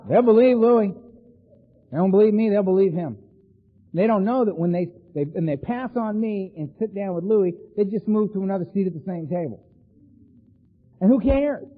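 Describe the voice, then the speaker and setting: A middle-aged man with an animated, laughing storytelling manner, speaking at a recovery meeting. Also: high-pitched, moderate pace. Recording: phone-like sound in a long-reverb hall.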